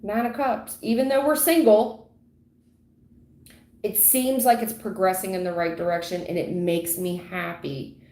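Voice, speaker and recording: A woman giving a livestream tarot reading in a dramatic, repetitive way, acting out sudden endings with loud exclamations. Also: medium pitch, steady tone, unhurried. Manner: dramatic, repetitive, full of sound effects. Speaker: tarot reader. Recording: echoey room.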